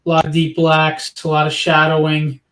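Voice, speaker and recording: A man hosting a casual livestream interview, chatty and promotional as he asks questions and pitches the campaign. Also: completely flat delivery, moderate pace, fairly bright tone, roomy sound. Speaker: livestream host.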